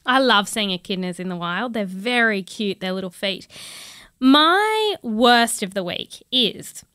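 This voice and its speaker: An Australian woman chats wryly as a podcast co-host. Her voice is bright and crisp, a little high, and sounds dry and close. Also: expressive, unhurried, no room sound. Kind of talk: casual chat.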